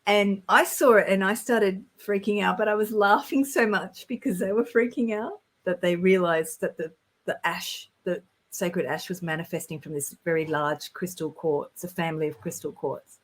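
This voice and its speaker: In a casual conversation, a woman guest shares her spiritual experiences in a relaxed, rambling way, earnest and quick to get excited, often restarting sentences mid-thought. Her voice is fairly low, her pace moderate, and the recording quality is poor.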